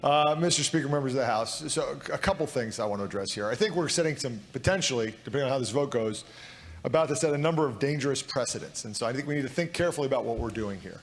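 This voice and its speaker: A man's voice: medium pitch, lively intonation, fast talker, a little hiss or hum. A man who is a state legislator giving an argumentative floor speech, often tossing in rhetorical "right?" asides. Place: large legislative chamber. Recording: echoey hall reverb.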